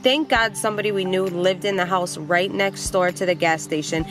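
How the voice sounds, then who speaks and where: A young adult woman vlogger telling a personal story in a casual, animated way, blunt and quick to swear. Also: lowish voice, faint music behind.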